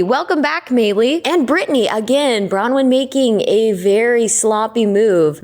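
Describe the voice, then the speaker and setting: A woman hosting a casual recap, dramatic and sarcastic, with swearing. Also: medium pitch. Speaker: host.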